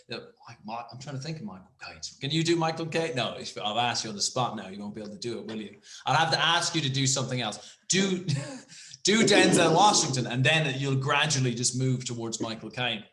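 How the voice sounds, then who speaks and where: A man's voice: mid-range voice, animated, fairly quick, sharp tone. A man co-hosting a podcast, chatting casually in a rambling, jokey way. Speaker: podcast co-host. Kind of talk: casual chat. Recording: roomy echo.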